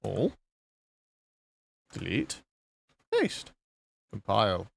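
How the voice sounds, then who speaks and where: A streamer from southwest England chats. His pitch jumps around with lively energy as he jokes and swears casually. The sound is dry and close. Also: drawn-out words, vocal fry, husky, no room sound. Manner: jokey, swears casually, talks to chat. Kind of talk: casual live-stream chat while coding.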